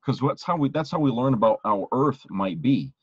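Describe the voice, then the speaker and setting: A man's voice: mid-range voice, animated, normal speed, husky, dry recording, highs cut off. A man co-hosting a podcast in casual, rambling chat, often restarting his phrases. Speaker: podcast co-host.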